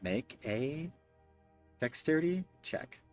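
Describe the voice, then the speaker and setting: A man's voice: mid-range voice, sing-song, slow pace, faint music behind. Hesitant man running a tabletop game. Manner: hesitant, many fillers. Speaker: game master.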